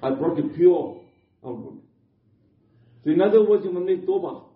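In a distant, dull, echoey room recording, a high-voiced Islamic preacher speaks animatedly at a moderate pace. His earnest sermon uses simple, non-native English and returns to the same points repeatedly.

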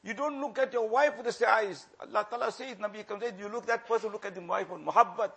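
A man delivers a sermon in a husky, gravelly voice. He pleads and warns with passion, hammering phrases again and again and dropping suddenly to a near hush. His voice sits high for a man. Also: fast. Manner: impassioned, repeats phrases for emphasis, swings from loud to hushed. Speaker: religious preacher.

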